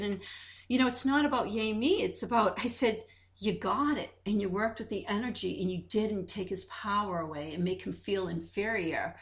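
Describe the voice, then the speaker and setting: Animated woman telling stories on a podcast. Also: medium pitch, normal speed. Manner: animated storytelling, acts out quoted dialogue, many restarts. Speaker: podcast co-host. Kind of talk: casual podcast chat.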